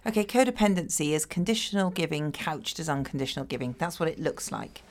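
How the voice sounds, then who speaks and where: Low-voiced woman therapist. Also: animated, fast talker. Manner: reflective, acts out quoted dialogue. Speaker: addiction therapist, guest. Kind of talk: conversational interview.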